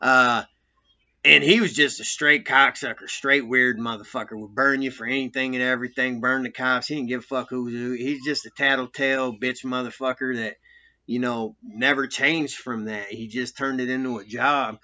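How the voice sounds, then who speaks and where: Man, ex-con storyteller, rambling and foul-mouthed, cutting bright voice, dull recording. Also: medium pitch, steady tone, normal speed. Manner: profane, laughing, rambling. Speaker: former prisoner telling stories. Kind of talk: casual storytelling.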